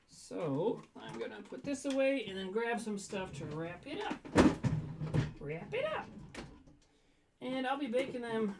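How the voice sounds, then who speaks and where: A man's voice: high voice, noisy background. Rambling, jokey man chatting while baking. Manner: rambling, jokey, reads chat aloud and laughs. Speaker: livestream host baking cookies. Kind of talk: casual livestream chat. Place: home kitchen.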